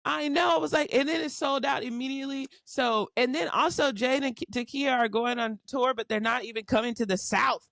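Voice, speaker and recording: A woman co-hosting a podcast in casual chat, telling stories with animated laughter from her room at home. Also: high-pitched, a little fast, gravelly, hardly any pauses, no room sound. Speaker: podcast co-host. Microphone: headphones, remote call.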